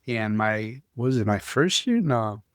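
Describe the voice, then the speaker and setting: A man hosting a podcast who tells stories in an animated, casual way, often restarting his sentences. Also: lowish voice, unhurried, clear, resonant tone, dry recording, studio quality. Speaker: podcast host. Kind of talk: casual conversational storytelling.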